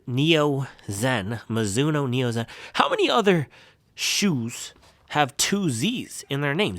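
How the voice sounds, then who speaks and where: A man's voice: a little high, pushed and bright, no echo. A young man chatting casually in a vlog as a running shoe reviewer, playful and rambling with jokey slang.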